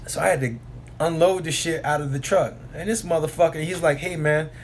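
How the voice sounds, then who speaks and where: A man's voice: fairly high pitch, a little fast, a little hiss or hum. A man who drives oilfield trucks tells a rambling, profane story in a casual vlog, repeating himself and filling the gaps with asides.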